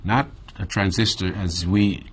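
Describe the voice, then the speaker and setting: A man from the Bahamas with a Caribbean accent, telling a reflective story in an interview in a measured, thoughtful way with drawn-out pauses. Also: low-pitched, fairly even intonation, a bit bright, a little hiss or hum. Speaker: interview guest.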